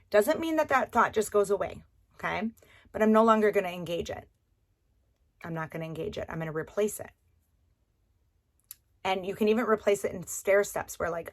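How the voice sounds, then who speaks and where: A woman's voice: fairly low pitch, a little fast, long pauses. Encouraging woman coach talking casually. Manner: conversational, often checking in with "okay?"; encouraging and repetitive. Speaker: online course coach. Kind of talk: recorded course lesson.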